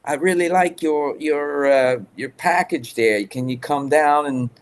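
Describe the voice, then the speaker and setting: A man's voice: fairly high pitch, unhurried, a little hiss or hum, voice pushed up, natural voice. A man putting on a chatty Welsh rock guitarist with a Welsh accent and a friendly, hesitant way of talking.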